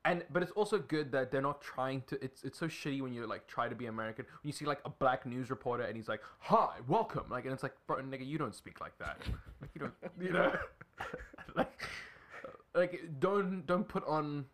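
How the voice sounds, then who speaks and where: A man's voice: medium pitch, brisk, a bit bright. A man from South Africa in crude, joking casual chat, laughing as he talks.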